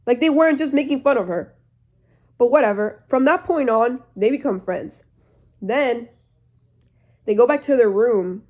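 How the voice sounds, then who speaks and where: Chatty teen girl, mellow voice. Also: fairly high pitch. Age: teens. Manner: rambling, filler-heavy, chatty. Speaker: vlogger. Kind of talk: casual storytime retelling.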